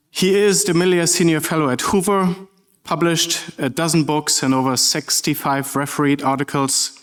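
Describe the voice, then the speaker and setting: A man introducing a guest in a friendly, lightly joking way. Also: on the high side. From Germany. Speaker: interviewer. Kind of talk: formal introduction.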